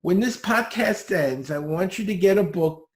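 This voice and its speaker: A man with a high voice talks as a podcast guest, giving listeners direct, upbeat, step-by-step instructions. The sound is echoey, as if he is in a bare room. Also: animated, normal speed. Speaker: podcast guest teaching speed reading.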